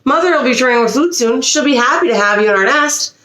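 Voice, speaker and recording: A woman voicing a friendly little baby bird in a read-aloud storybook, quick and high. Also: expressive, fairly bright tone, echoey room.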